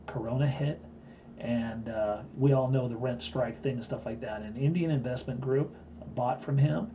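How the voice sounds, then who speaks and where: A man's voice: medium pitch, moderate pace, muffled recording, background noise. A man in his fifties hosting a live stream, telling a story in a blunt, boastful way. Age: 50s. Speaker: live-stream host and trading teacher.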